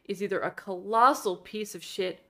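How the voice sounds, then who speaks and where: A woman's voice: mid-range voice, normal speed, sharp tone. A woman co-hosting a movie podcast in casual chat, talking bluntly and emphatically and swearing freely. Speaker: podcast co-host.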